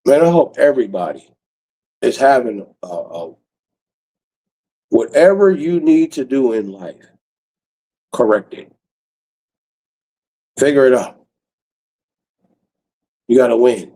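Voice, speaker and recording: A man's voice: mid-range voice, big pitch swings, slow pace, vocal fry, long pauses, mellow, rough recording. A man talking to his viewers in a loose, profane, rambling late-night livestream chat, laughing often.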